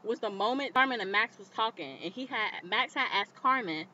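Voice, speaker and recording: Animated indignant woman recapping a show. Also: a little high, moderate pace, slight background noise. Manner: animated, indignant, talks straight at the viewer. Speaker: vlogger reviewing a TV episode. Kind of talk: casual recap and commentary. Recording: slightly dull lo-fi recording.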